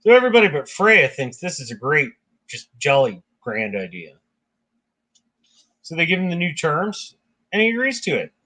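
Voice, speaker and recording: A man's voice: on the high side, very animated, moderate pace, pauses often, pushed and bright, rough recording. A man hosting a casual book discussion, reading passages aloud and commenting in a conversational way. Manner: conversational, reads passages aloud, chatty asides.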